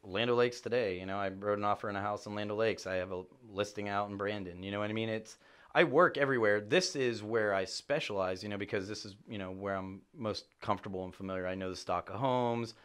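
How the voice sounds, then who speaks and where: A middle-aged man chatting as a podcast guest, an animated storyteller who swears for emphasis and jumps up in pitch when excited. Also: fast, hardly any pauses, clean tone. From Chicago area. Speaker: podcast guest, real estate agent. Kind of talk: casual chat.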